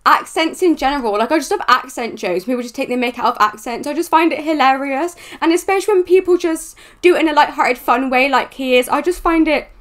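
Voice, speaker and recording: A woman's voice: high voice, a little fast, hardly any pauses. A young woman from southwest England with a West Country accent, rambling chattily as a reaction video host. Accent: West Country English. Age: young adult. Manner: rambling, filler-heavy, chatty. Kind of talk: casual reaction chat.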